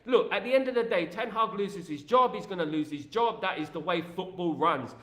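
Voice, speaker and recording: A man hosting a fan live stream, talking in an animated, repetitive and opinionated way while greeting viewers. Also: high voice, brisk, reverberant.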